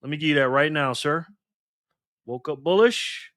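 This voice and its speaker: Male streamer, higher pitch, jokey and laughing with chat, dry mic. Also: normal speed, fairly bright tone, dry recording. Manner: laughs often, banters with chat. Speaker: live stream host. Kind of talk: casual live stream chat reading comments.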